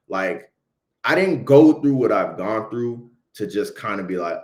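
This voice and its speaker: A lowish voice at normal speed belongs to a young Haitian-accented videographer recounting a story on a livestream. He talks emphatically, uses slang and keeps checking in with "right?". The recording has roomy echo.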